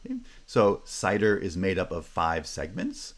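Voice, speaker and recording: A man giving a university phonetics lecture, pausing with fillers and restarts and checking in with the class with "right?" and "okay?". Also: sits low, huge pitch swings.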